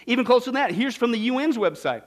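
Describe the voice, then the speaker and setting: A man delivers a sermon with a strikingly high-pitched voice. He preaches in an animated style, breaking into laughter and mocking asides. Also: fast. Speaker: pastor.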